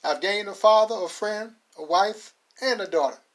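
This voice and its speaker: Upbeat, heartfelt young man, put on by a male narrator, higher voice, audio-drama read. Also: moderate pace, a bit bright. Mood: grateful. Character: grateful young man leaving with his new family.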